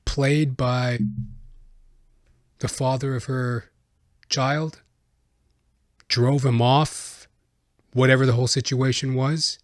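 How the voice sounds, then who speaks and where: A man's voice: mid-range voice, no room sound. A man hosts his own podcast in a loose, rambling monologue that drifts from thought to thought, with an occasional chuckle. His voice sits in a middle range, and the recording is dry and close. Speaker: podcast host. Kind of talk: casual personal monologue.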